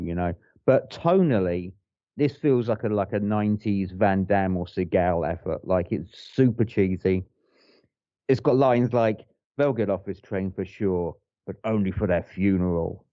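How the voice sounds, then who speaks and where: A man's voice: medium pitch, dry recording, dull audio. A man co-hosting a podcast, chatting casually and enthusiastically about films, swearing and rambling with restarts. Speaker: podcast co-host. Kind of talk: casual film review chat.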